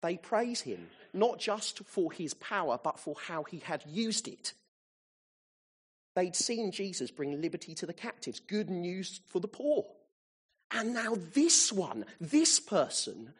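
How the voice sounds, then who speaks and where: Guy preaching, husky voice, pitch swings all over, gets really fired up. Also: measured pace. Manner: animated, rising to excited peaks. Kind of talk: sermon.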